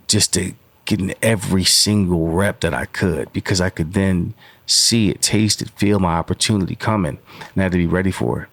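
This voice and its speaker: A man's voice: sits low, a bit bright, dry recording. A man in his forties, a podcast guest, telling stories in a rambling way with many fillers. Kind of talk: casual storytelling interview.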